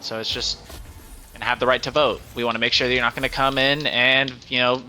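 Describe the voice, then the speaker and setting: A man's voice: medium pitch, flat delivery, fairly quick, bright, forceful tone, slight background noise. A man in casual chat as a podcast co-host, talking in a blunt, assertive way.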